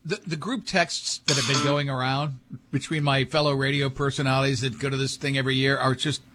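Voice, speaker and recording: A man's voice: medium pitch, steady tone, fairly quick, noisy background. A man hosting a radio show, telling stories in casual banter with many restarts. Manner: rambling storyteller, many restarts.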